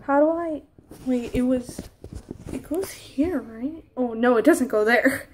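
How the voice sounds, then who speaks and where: A woman's voice: fairly high pitch, slow, long pauses, slight background noise. A young woman filming a crafting vlog, flustered and laughing at her own slip-ups. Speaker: crafting vlogger. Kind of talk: casual blooper vlog.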